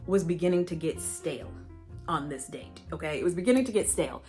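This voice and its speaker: A woman's voice: deep voice, lively intonation, brisk, warm tone. A young woman chatting casually while doing her makeup, rambling through a story with lots of fillers and playful asides to her viewers. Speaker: beauty vlogger. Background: faint background music.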